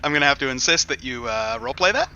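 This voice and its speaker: A man narrating a tabletop game as game master, lively, with quick asides. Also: a little high, gravelly, clean tone, lo-fi sound.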